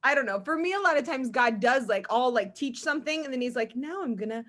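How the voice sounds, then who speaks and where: A woman hosts a casual interview. Her voice is high, bright and lively. She gushes over her guest's stories and fills her talk with "like". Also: fast. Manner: effusive, heavy filler "like". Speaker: podcast host.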